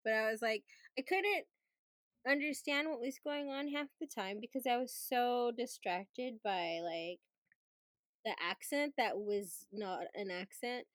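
A woman's voice: fairly high pitch, unhurried, no echo, studio quality. A woman co-hosting a podcast, chatting casually about a film with many fillers and frequent laughter. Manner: chatty, lots of "like", laughs often. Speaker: podcast co-host. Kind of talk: casual movie review chat.

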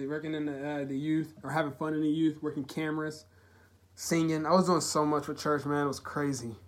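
A young man hosting his own podcast, talking earnestly and haltingly about personal struggles in a heartfelt, emotional way. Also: fairly high pitch. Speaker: podcast host. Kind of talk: solo confessional podcast talk.

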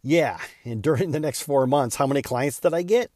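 A man's voice: mid-range voice, moderate pace, few pauses, dark tone, dry recording, studio quality. Earnest man hosting a solo podcast. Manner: earnest, candid, with small stumbles and repeats. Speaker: podcast host.

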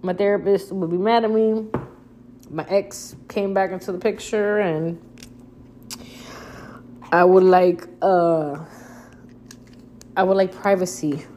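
A woman's voice: warm tone, a little hiss or hum. Chatty young woman, casual storytelling. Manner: chatty, swears casually, acts out her own past lines with big pitch jumps.

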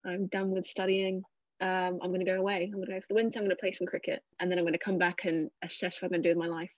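A woman's voice: lowish voice, level tone, racing, no echo, muffled recording. A woman in her twenties from England, chatting casually as an interview guest, with plenty of fillers and a self-deprecating way of telling it. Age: 20s. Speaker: cricketer guest.

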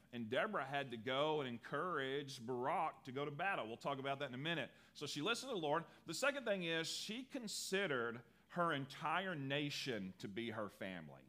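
A man preaching a sermon as pastor, animated and acting out the people in his story. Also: on the high side. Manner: animated, acts out quotes in lively voices.

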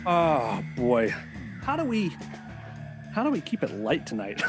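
A man's voice: a little high, huge pitch swings, a little slow, music in the background. A man hosting a podcast, joking crudely in casual banter with his co-host.

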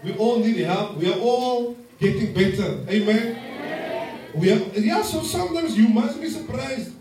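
A man with a very high voice preaches an animated sermon, laughing often and calling on the congregation to respond. He is heard from some distance in a church hall, with heavy echo around him. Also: unhurried, noisy background. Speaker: pastor. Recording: very echoey hall from far off.

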